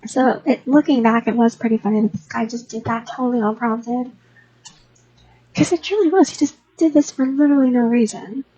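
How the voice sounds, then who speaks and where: A woman's voice: fairly high pitch, a little fast, warm tone, slightly rough, lo-fi sound. A young woman who hosts a gaming channel, rambling casually in an unscripted voice-over with lots of restarts. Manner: rambling, chatty, many restarts.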